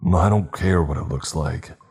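A man's voice: extremely low pitch, flat delivery, normal speed, mellow, slightly rough, soft background music, exaggerated voice. A man voicing a big, angry father who seethes and growls through clenched teeth. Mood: growling.

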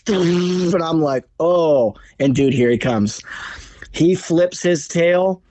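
Profane, excited male hunting storyteller. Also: fairly high pitch, no echo. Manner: animated, profane, fast retelling. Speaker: podcast guest, bowhunter. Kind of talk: casual storytelling.

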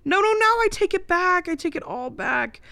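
A woman's voice: very high-pitched, expressive, moderate pace, creaky, pushed and bright, dry recording, pitched above the performer's own voice, full character voice. A woman voicing a playful, joking young adult daughter in a read-aloud novel. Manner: teasing and bubbly.

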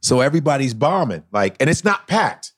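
Profane, animated male comedian telling stories. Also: medium pitch, fairly quick. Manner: profane, animated storytelling with frequent laughter. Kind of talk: casual podcast banter.

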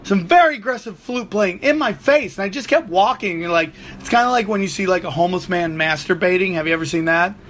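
A man with a fairly high, bright voice rambles through a crude comic story. He swears freely and often jumps pitch for emphasis. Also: quick pace, hardly any pauses, a little hiss or hum. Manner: profane, rambling, animated storyteller. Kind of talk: comedic rambling monologue.

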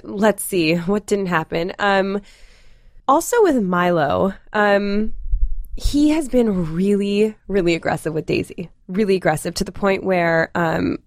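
A woman's voice: medium pitch, animated, a little slow, no room sound. Woman co-host, supportive and thoughtful, hedges her advice, dry studio sound. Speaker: podcast co-host. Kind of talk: casual chat.

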